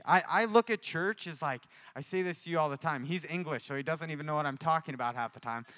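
A man's voice: fairly high pitch, quick pace, hardly any pauses, a bit bright. A man preaching a sermon, telling a personal testimony in a chatty way and building to fervent exhortation.

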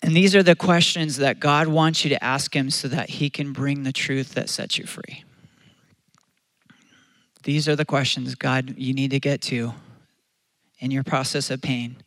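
A man's voice: mid-range voice, fairly even intonation, a little slow, a bit bright, no echo. Earnest, chatty male pastor. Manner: earnest, conversational, repeats and restarts phrases. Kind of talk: sermon.

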